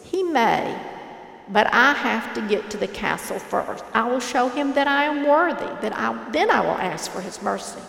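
A stubborn younger brother insists on earning his own way, as a woman reads him. His defiant voice has a gravelly edge and sits somewhat high. Long hall reverb trails each line. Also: expressive, moderate pace, fairly bright tone. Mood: insistent. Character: stubborn hard-working younger brother, proud and desperate.

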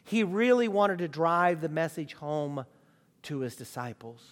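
A man's voice: a little high, animated, a little slow. A man preaching a sermon with emphatic rhetorical questions. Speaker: pastor. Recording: long reverb of a large hall.

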